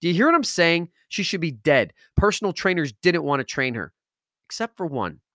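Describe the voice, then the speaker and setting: A man's voice: on the high side, very animated, normal speed, a bit bright, no echo, studio quality. Emphatic man telling a story on a podcast. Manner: intense, emphatic, rising to outbursts. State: emotional. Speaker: podcast host. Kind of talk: emotional storytelling monologue.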